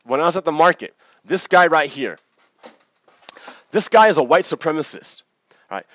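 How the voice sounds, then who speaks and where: A lively man explaining things in a casual vlog, his pitch bouncing up and down as he keeps asking "right?". His voice sits a little high for a man. The recording is dull and dry, with a lo-fi home-mic feel. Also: moderate pace, no echo. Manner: animated, keeps checking in with "right?". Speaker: vlog host.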